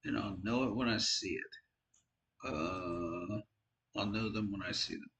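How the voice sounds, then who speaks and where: A man's voice: on the low side, slow pace, fairly bright tone, a little hiss or hum, low-quality recording. A tired man giving casual, frank football commentary on his own channel, rambling and poking fun at himself. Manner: rambling, frank, self-deprecating. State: tired, yawning. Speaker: sports fan vlogger.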